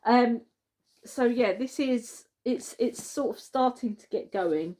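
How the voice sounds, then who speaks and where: A woman's voice: a little high, slow pace, mellow. A woman vlogging casually to camera about a book she is reading, chatty and rambling, often correcting herself mid-sentence.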